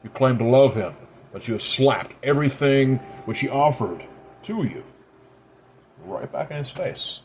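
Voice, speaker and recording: A man voices a stern, ancient father solemnly lecturing his disobedient daughter in a grave, measured way, pitching a little higher and louder than in his narration. The delivery is expressive and lightly acted, with a stern, lecturing mood and slight background noise.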